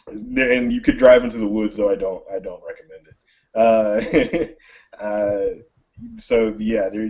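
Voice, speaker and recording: A man narrating as game master of a tabletop role-playing game, halting with many fillers. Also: fairly low pitch, vocal fry, darkish tone, highs cut off.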